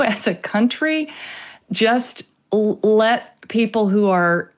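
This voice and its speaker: A woman speaking as a guest commentator in a panel discussion, passionate and impassioned, rushing ahead in bursts. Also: mid-range voice, animated.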